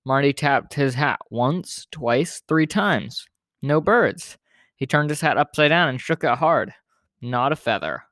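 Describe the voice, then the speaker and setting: A man's voice: medium pitch, a little slow, dry recording. Guy reading a kids picture book on his podcast, chill and informal, dry close mic. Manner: relaxed, informal, with small self-corrections. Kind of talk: storybook read-aloud narration.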